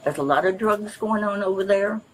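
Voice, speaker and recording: A woman's voice: medium pitch, a little fast, low-quality recording. Older woman ranting to police on bodycam. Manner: rambling, insistent, complaining. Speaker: resident questioned by police. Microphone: officer's bodycam. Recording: outdoor bodycam audio with faint noise.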